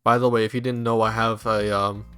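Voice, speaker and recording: A man's voice: fairly low pitch, flat delivery, a little fast, fairly bright tone, clean tone, faint music behind. A young man streaming a game, chatting casually with a friend, swearing and laughing easily. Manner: laid-back, swears casually, laughs often. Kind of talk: casual chat while gaming.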